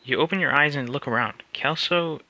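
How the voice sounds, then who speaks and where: A man's voice: a little high, brisk, pushed and bright, dry recording. A man streaming live, reading a text adventure aloud and answering it with cocky, joking banter.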